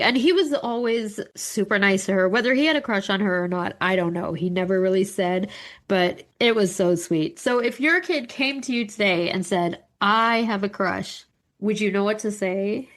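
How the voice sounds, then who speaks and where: A woman's voice: medium pitch, normal speed. A woman co-hosting a podcast, telling a story in casual chat, laughing often and swearing freely. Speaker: podcast co-host.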